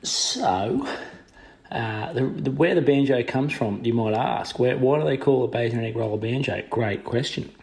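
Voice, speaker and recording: A man's voice: mid-range voice, normal speed, creaky, a little mellow, a little hiss or hum. A man with an Australian accent, leaving a rambling voice message for a podcast. He tells a sweary story in a chatty, wandering way. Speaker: caller.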